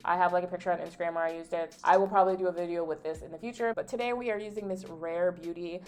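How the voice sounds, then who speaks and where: A woman's voice: lowish voice, fairly even intonation, very fast, darkish tone, clean tone. A young adult woman vlogging a casual get-ready-with-me chat, candid and full of "like", telling stories with playful indignation. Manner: chatty and candid, peppered with "like". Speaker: beauty vlogger.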